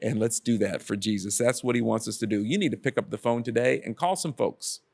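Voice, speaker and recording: A man's voice: medium pitch, fairly quick, creaky, a little mellow. A man preaching a casual devotional sermon, earnest and repeating his exhortations to the listener.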